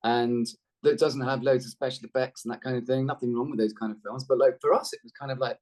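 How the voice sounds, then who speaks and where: A middle-aged actor chatting on a video call, a rambling, self-deprecating storyteller with a lively delivery. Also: male voice, medium pitch, fast. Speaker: actor guest. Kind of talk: casual interview chat.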